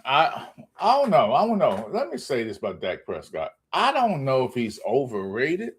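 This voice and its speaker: A man talks in a loose, profane sports rant to his viewers. His voice sits in a middle pitch but shoots up into high, incredulous exclamations as he gets worked up. He sounds like a casual vlogger speaking straight to his audience. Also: normal speed, slightly rough. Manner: animated ranting, profane, jumps to high exclamations. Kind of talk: ranting casual monologue.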